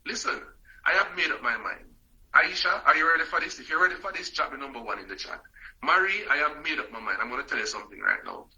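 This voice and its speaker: A man's voice: on the high side, animated, quick pace, bright, forceful tone, dull audio. A man hosting a motivational live stream, emphatic and repetitive, calling out viewers by name.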